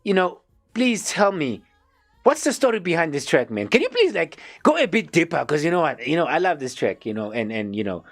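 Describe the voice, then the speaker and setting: A man's voice: a little high, brisk. A man hosting a live interview, playful and chatty with lots of fillers. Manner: animated, playful, many fillers. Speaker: talk show host.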